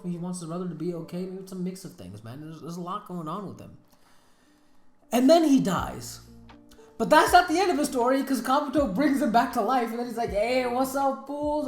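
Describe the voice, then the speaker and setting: Brief: woman host, profane and slangy, lively delivery, echoey room. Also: on the low side. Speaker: anime video host. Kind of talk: casual tier-list commentary. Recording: roomy echo.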